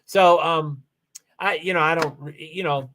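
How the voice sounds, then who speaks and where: A man's voice: a little high, fairly even intonation, measured pace, bright, forceful tone, a little hiss or hum. A man streaming live and answering chat in a rambling, self-correcting way, full of fillers. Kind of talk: casual livestream chat.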